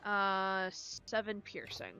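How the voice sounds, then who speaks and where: A woman playing a tabletop game, wry and easygoing, talking through her moves out loud. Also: mid-range voice, lively intonation, slow, soft background music. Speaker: player. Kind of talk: casual tabletop game chat.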